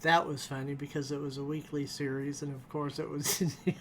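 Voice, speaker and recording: A man talks through a TV episode in a loose, rambling review and chuckles often. His voice sits a little high for a man. A faint hiss runs under the recording. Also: level tone, fairly quick. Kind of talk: casual spoken review.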